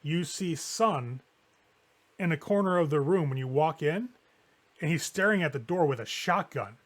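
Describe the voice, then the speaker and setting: A man's voice: fairly high pitch, normal speed. Man narrating a tabletop game. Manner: relaxed storyteller with many fillers. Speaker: game master.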